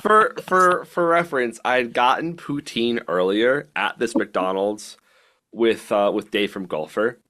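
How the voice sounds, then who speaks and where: A man's voice: medium pitch, a little slow, pushed and bright. A young adult man, a touring musician guest, telling stories in casual chat with jokey asides and frequent laughter.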